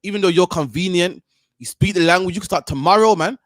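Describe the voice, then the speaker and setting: Fast-talking man ranting in a dry room. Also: sits high, a bit bright, no echo. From United Kingdom. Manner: ranting, repeats "man" at line ends, mimics others. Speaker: host. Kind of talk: heated street-corner preaching.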